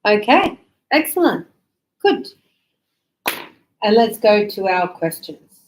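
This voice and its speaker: A woman teaching an English grammar lesson to a class, speaking slowly and deliberately and sounding out words for her students. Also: mid-range voice, very animated, a little hiss or hum. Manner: slow, deliberate, models pronunciation.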